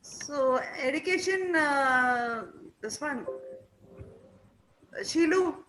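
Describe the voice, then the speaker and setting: A woman's voice: sits high, expressive, drawn-out words, fairly bright tone, a little hiss or hum, rough recording. A woman at a club meeting who congratulates members and asks questions in casual chat.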